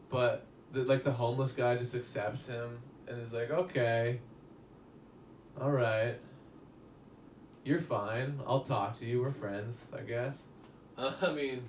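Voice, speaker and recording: A chatty, rambling man reviews a movie on a live stream, talking straight to his viewers and swearing now and then. His voice sits at an ordinary middle pitch. It sounds roomy and somewhat distant from the mic, with a faint hum of ambience behind it. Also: darkish tone. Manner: rambling and chatty, swears casually, addresses chat directly.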